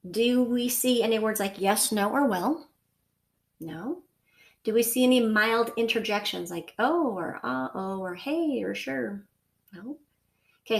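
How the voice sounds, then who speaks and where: A woman teacher giving a recorded lesson to her class, patient and repetitive, checking in often with the listener. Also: medium pitch. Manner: patient, repeats points, frequent okay and so.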